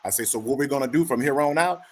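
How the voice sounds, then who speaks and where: Brisk male talker who acts out every voice in his stories; mid-range pitch, faint noise behind. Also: slightly rough. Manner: animated storyteller acting out both sides of a dialogue. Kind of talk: casual chat.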